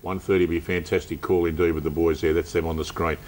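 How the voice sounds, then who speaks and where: An Australian man hosting a local football TV panel show, brisk and chatty. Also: low-pitched, flat delivery, a little mellow. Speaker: host.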